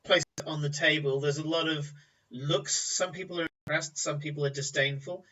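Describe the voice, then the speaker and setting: A man's voice: a little high, fairly even intonation, moderate pace, sharp tone. A man narrating a tabletop game as game master, with vivid descriptive storytelling, on a distant, muffled recording.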